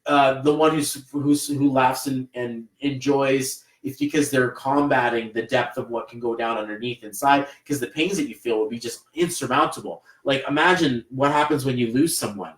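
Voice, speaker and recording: A man with a Canadian accent gives a live numerology reading, rambling and encouraging, with many fillers. His medium-pitched voice moves at a moderate pace with few pauses. Picked up by a livestream camera mic, the sound is roomy and rough.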